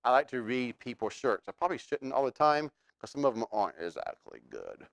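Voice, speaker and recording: A man's voice: medium pitch, very animated, brisk, creaky, dry recording, studio quality. A man preaching a sermon as pastor, talking conversationally and asking the congregation questions.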